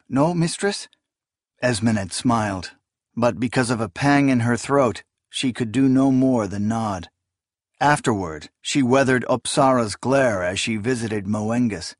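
A man reading a fantasy novel aloud as narrator, in a measured, steady storytelling delivery. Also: mid-range voice, no echo, studio quality. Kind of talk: scripted audiobook narration.

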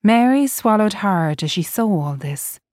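Slow deliberate woman narrator. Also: medium pitch, no room sound, studio quality. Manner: even, deliberate storytelling. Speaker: audiobook narrator. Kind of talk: scripted narration.

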